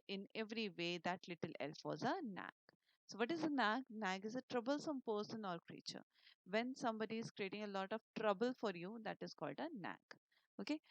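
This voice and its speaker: A woman's voice: mid-range voice, no room sound, dull audio. A woman teacher with an Indian English accent leads an online class, stopping often to explain words and quiz her pupils. She talks at an easy, patient clip with plenty of fillers, her voice close and dry with no room sound. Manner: explains words slowly, many uh and you know fillers, asks the class questions.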